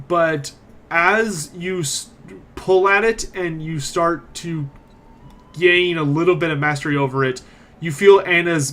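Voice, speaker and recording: A man with a somewhat high voice narrates a tabletop game as game master. He is animated and lively as he describes the scene. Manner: animated, voices every figure.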